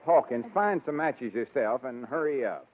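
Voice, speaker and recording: A man's voice: mid-range voice, expressive, normal speed, phone-quality sound, lightly acted. Man doing a pompous old country guy putting on airs, bouncy delivery, 1940s radio comedy. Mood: bossy. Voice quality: blustering, self-important. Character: pompous old rural man posing as an earl. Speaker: comic actor. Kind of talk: 1940s radio sitcom acting. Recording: hissy old radio broadcast.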